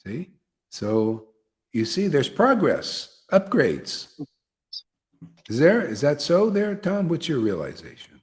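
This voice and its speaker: A man's voice: fairly high pitch, very animated, slow, pauses often, darkish tone. A man teaching a devotional gathering, repeating phrases and often asking "see?". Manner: repetitive, emphatic, asks listeners "see?". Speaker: spiritual teacher leading satsang.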